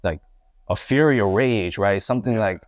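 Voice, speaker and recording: Speaking at normal speed in a lowish voice, a young Puerto Rican hip-hop artist recounts his life as an interview guest. He is candid and rambling, restarting often, and the recording is dry and studio quality.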